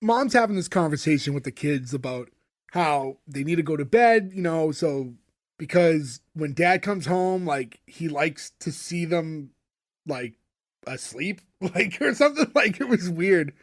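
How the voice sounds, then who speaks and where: A man's voice: fairly high pitch, expressive, unhurried. A young man co-hosting a podcast, rambling through an episode recap with lots of fillers. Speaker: podcast co-host. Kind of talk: casual recap chat.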